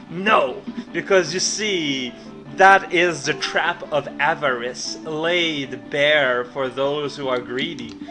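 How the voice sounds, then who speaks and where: A man playing a video game and commenting with wry, sarcastic asides. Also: on the high side. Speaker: let's play host. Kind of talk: let's play commentary. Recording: game music clearly behind voice. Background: game music.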